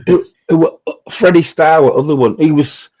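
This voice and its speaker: A man's voice: a little high, normal speed, mellow, slightly rough. A middle-aged man hosting a casual live chat, joking, laughing often and breaking into bits of folk songs. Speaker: host. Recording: dull lo-fi sound.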